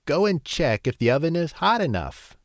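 A man voicing a wicked old female witch in a storybook reading, shrill and screeching. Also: sing-song, moderate pace, dry recording, clean studio sound. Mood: greedy.

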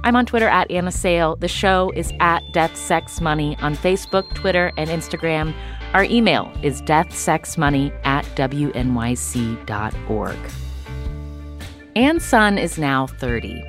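A woman podcast host asking measured, deliberate questions and reading a scripted outro. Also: sits low, animated, faint music behind.

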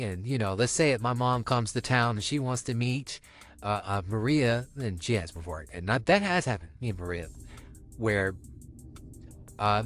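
Frank young man with a lively pitch. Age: young adult. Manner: frank, personal, lively ups and downs in pitch. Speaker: podcast co-host. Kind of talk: casual podcast chat.

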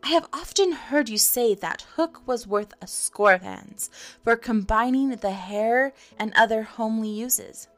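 Smee, a woman doing a meek, higher-voiced pirate sidekick. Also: a little slow, soft background music, lightly acted. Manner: meek and wheedling. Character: timid, rather stupid male pirate boatswain. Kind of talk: storybook reading.

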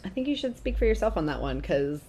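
Deep-voiced woman cohost, super animated, picks up on little details, slight background hiss. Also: fast talker. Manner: animated, detail-focused asides. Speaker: podcast co-host. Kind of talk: casual recap chat.

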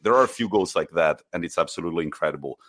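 Low-voiced male podcast co-host, casual football storyteller, eager and animated. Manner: storytelling, enthusiastic, quick bursts.

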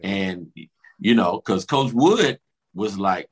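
A man's voice: mid-range voice, normal speed. A man co-hosting a casual sports talk show, telling stories and acting out what coaches said. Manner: animated storytelling, acts out coaches' quotes.

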